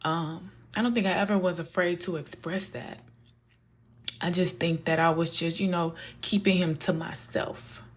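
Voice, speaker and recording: A woman's voice: lowish voice, steady tone, normal speed, breathy edge. A woman vlogger giving a casual, earnest faith talk that often repeats her points and turns preachy.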